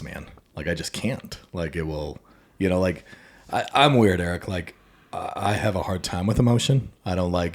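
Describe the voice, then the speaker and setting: A man hosting a podcast, telling a rambling, casual story in a laid-back conversational way. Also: low-pitched. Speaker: podcast host.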